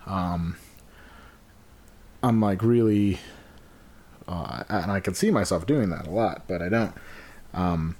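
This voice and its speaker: A young man co-hosting a podcast in casual chat, sounding subdued and sluggish and talking haltingly with many fillers. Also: low voice, animated, warm tone. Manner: halting, full of fillers and restarts. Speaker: podcast co-host.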